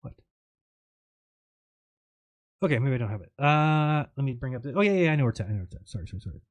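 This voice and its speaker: A man's voice: mid-range voice, sing-song, rapid-fire, dry recording, lo-fi sound. A man hosting a live stream in a casual, rambling monologue, sarcastic and mocking as he quotes others.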